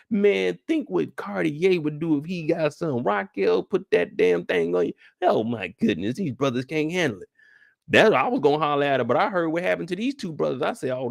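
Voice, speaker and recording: Brief: male after-show host, lively gravelly voice, dry close sound, slangy casual recap. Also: a little high, no echo. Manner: animated, slangy storytelling to viewers. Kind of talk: casual episode recap commentary.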